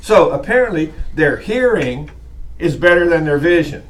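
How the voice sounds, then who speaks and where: Chatty male lecturer, slightly high voice. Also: very animated, moderate pace, far from the mic. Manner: chatty, acts out voices while teaching. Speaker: college lecturer. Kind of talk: classroom lecture. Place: classroom.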